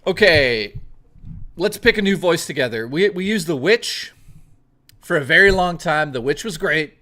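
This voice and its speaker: In a sharp, animated voice on the high side, a young man livestreams at a measured pace. He reads viewer messages out loud and riffs on them, swearing plenty along the way. The tone is loose and profane, typical casual live stream chat.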